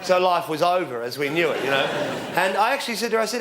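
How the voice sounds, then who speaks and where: A man in his forties doing a stand-up routine on stage, telling rambling deadpan stories with fillers and shouting out the punchlines. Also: high-pitched, fast. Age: 40s. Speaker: stand-up comedian. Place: comedy stage before a live audience. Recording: loud crowd laughter and applause, background noise. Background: audience laughing and clapping.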